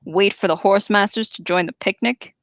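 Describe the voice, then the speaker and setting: A woman voicing a gruff male orc captain who barks harsh, impatient orders in a storybook reading. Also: medium pitch, moderate pace, dry recording, natural voice. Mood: commanding.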